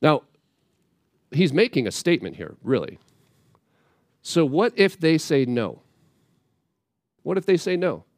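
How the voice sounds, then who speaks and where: A man preaching a sermon as a conversational Bible teaching, plainspoken and casual, with animated asides. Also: a little high, measured pace, pauses often, no room sound, clean studio sound.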